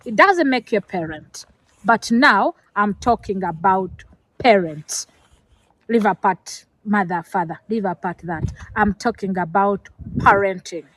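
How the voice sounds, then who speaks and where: Emotional and close to tears, a middle-aged African vlogger lectures earnestly to camera about parenting, stumbling through many fillers and restarts. Her mid-range voice is expressive and a bit bright, a little slow, and the rough recording has no room sound.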